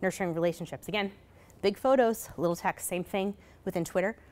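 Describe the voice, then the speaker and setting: A woman giving a conference presentation in a casual, hurried way, full of fillers and asking "right?" as she goes. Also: medium pitch, darkish tone. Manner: casual, many fillers, rhetorical "right?" tags; hurried, self-correcting. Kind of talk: live presentation. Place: conference session.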